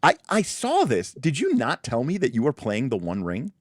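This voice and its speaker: A man's voice: mid-range voice, moderate pace, no room sound, clean studio sound. A man hosting a tabletop game livestream, chatting casually and breaking off into restarts and asides as he reviews rules. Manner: animated, many restarts and asides. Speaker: livestream host.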